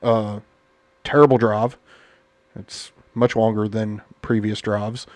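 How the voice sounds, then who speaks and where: A man's voice: lowish voice, little pitch movement, slow pace, darkish tone, no room sound. A man hosting a casual podcast, talking bluntly and indignantly, with many fillers. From United States. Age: adult parent. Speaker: podcast host. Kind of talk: casual political podcast chat.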